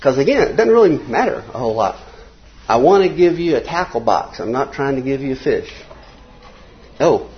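An older man, teaching a casual Bible class in a small church classroom, folksy and conversational, reading quotes slowly. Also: medium pitch, sing-song, muffled recording, slight background noise.

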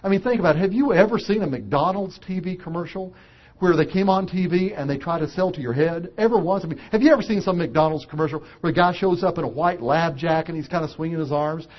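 Man preaching, husky voice, animated storytelling, fairly high pitch, dull lo-fi recording. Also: fast. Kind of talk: sermon with storytelling.

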